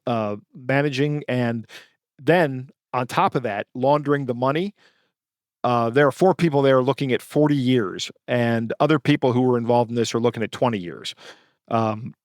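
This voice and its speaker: A man's voice: mid-range voice, dry recording. Dry-miked man co-hosting a podcast. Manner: halting, with frequent fillers and self-corrections. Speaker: podcast co-host. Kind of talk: casual podcast chat reading news stories.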